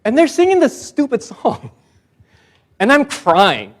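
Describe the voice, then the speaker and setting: Self-deprecating pastor, emphatic at the close. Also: male voice, very high voice, wildly swooping pitch, slow pace. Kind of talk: sermon.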